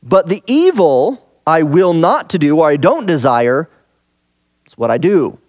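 A man's voice: fairly high pitch, very animated, measured pace, a little mellow, no echo, clean studio sound. A man teaching verse by verse through a scripture passage in a conversational way, asking rhetorical questions and repeating key phrases for emphasis. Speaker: Bible teacher.

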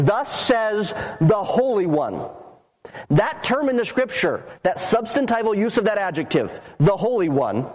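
A man preaching a sermon to his congregation as their pastor, earnest and emphatic, with long pauses between phrases. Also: high-pitched, a little mellow, rough recording.

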